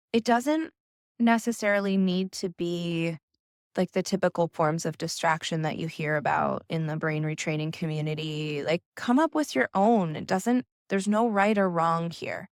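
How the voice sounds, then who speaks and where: A woman coach giving calm, gentle instructions in a slow, soothing manner. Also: fairly low pitch, no room sound, studio quality. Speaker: nervous system coach.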